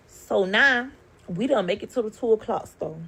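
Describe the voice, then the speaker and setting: Gravelly-voiced woman telling a story. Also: medium pitch, normal speed. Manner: animated, profane, emotional storytelling. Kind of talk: storytime vlog.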